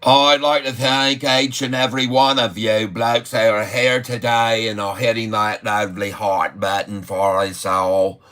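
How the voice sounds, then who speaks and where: A man putting on a rough Australian accent, hearty and laughing, calling his listeners mates and blokes. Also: on the low side, little pitch movement, extremely slow, long pauses, a little mellow. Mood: hammy.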